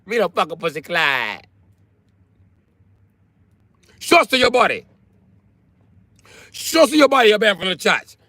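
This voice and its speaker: A man doing a loud taunting woman in patois. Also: high-pitched, very animated, normal speed, no room sound, voice pushed up, exaggerated voice. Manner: shouting, taunting, sing-song.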